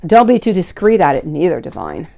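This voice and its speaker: A woman's voice: sits low, huge pitch swings, fairly quick, vocal fry, warm tone. A woman in her thirties giving a live-stream tarot reading in a chatty, affectionate way, calling viewers sweetie and beautiful. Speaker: tarot reader.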